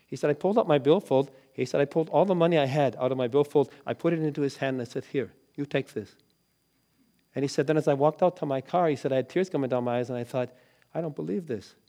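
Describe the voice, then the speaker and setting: A man preaching a sermon, telling a story dramatically and dropping from loud lines to hushed ones. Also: mid-range voice, rapid-fire, hardly any pauses. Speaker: pastor.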